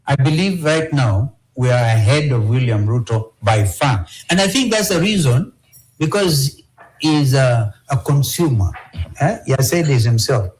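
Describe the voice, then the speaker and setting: A man's voice: mid-range voice, animated, measured pace, a little mellow, rough recording. A man with a Kenyan accent, an opposition politician answering interview questions emphatically, repeating key phrases and checking in with "all right?".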